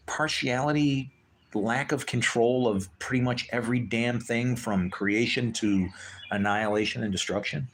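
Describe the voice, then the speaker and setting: A man's voice: medium pitch, fairly even intonation, moderate pace, a little hiss or hum. Heated, cursing man preaching. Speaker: livestream host. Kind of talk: livestream rant.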